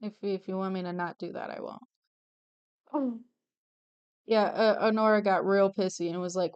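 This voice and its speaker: A young woman with a smooth, clean voice chats through a drawing stream. She gushes over the characters, swears freely and often trails off mid-thought. Her voice sits at an ordinary middle pitch. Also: steady tone, moderate pace, pauses often, a little mellow, muffled recording. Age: young adult. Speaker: streamer drawing commissioned art. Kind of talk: casual livestream chat while drawing.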